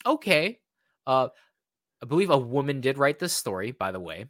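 A young man chatting casually on a podcast, sarcastic and animated, often acting out characters in mocking voices. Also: medium pitch, quick pace, no room sound, clean studio sound. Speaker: podcast co-host.

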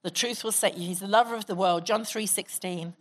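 A woman pastor delivers a sermon in a church hall, exhorting her congregation and guiding them in prayer. She speaks briskly in a mid-range voice.

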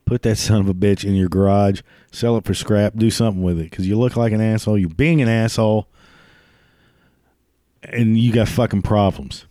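A man's voice: on the low side, fairly even intonation, normal speed, dark tone, no echo, studio quality. Man ranting, crude and swearing. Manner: crude, swears constantly, laughs at his own jokes. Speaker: ranting commentator. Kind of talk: profane comedic rant.

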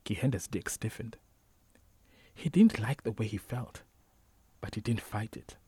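A man reading a novel aloud as a narrator, measured and unhurried, sometimes dropping to a whisper. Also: fairly low pitch, lively intonation, warm tone, slightly rough, dry recording. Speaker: audiobook narrator. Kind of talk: scripted narration.

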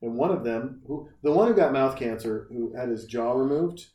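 In an echoey room with the mic set at a distance, a man with a mid-range voice co-hosts a casual podcast at a moderate pace. He tells stories with lots of animation, acting out the quotes of the people involved.

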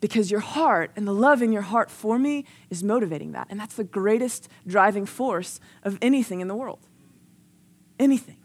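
A woman's voice: mid-range voice, moderate pace. Earnest, conversational young woman preaching. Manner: conversational and earnest, acts out quoted voices. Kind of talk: sermon.

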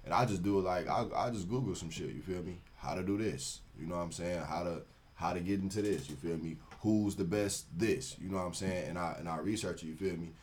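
A man's voice: low-pitched, a little fast, a little mellow, slight background noise. A young man, a show creator, talking casually as a podcast guest, laid-back and filling his speech with "you feel me".

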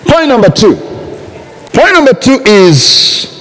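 A male pastor with a high, wildly swooping voice, delivering a sermon in unhurried, drawn-out phrases. He moves from quiet asides to shouted exhortation, and his voice rings through a church hall with a long reverb. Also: very animated. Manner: emphatic, swinging from soft to shouted.

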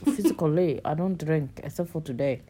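A woman's voice: sits low, fairly quick, mellow, breathy edge. A young woman hosting a podcast, chatting casually, bluntly and animatedly, with a lot of swearing. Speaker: podcast host. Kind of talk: casual chat.

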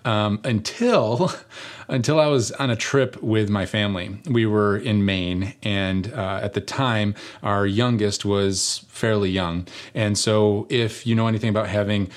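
A middle-aged man preaching, telling a personal story in a conversational, animated way with rhetorical questions. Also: fairly low pitch, unhurried. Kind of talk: sermon storytelling.

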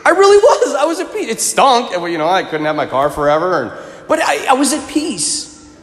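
A priest preaching a sermon, telling a personal story in an animated way with chuckling asides. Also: male voice, very high-pitched, a little fast. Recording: echoey reverberant hall.

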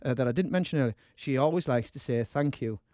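A man hosting a dance-music radio show, bantering excitedly and shouting his praise. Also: medium pitch, quick pace, dry recording, studio quality. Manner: exuberant, loud shouts of praise.

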